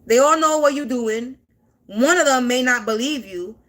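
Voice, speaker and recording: High, forceful woman ranting defiantly. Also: moderate pace. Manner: defiant, blunt and profane, repeating her points. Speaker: spiritual content creator. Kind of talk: unscripted monologue to camera.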